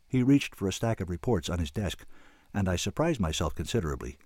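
Man narrating an expressive audiobook. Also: sits low, a little fast, no room sound, studio quality. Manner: expressive first-person storytelling.

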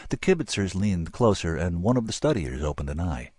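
Brief: male audiobook narrator, low, husky, animated, dry close mic. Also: fairly quick, dry recording. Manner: dry, wry storytelling.

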